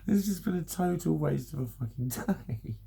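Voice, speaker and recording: A man's voice: fairly high pitch, expressive, normal speed, gravelly, warm tone, slightly rough. A man, exhausted and rambling through an emotional personal vlog, swearing often and breaking into nervous laughs. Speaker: vlogger.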